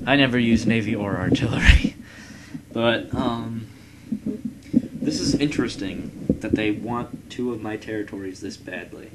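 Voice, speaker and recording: Low-voiced young man narrating gameplay, noisy recording. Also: normal speed. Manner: rambling, swears at rival nations, reads game text aloud. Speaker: let's player. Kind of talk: casual gameplay commentary.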